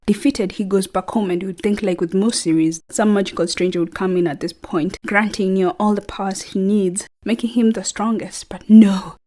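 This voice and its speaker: A woman reviewing an anime in scripted narration, voice slightly changed by a cold, playful and dramatic with hushed whispered asides. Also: medium pitch. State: has a cold, slightly altered voice.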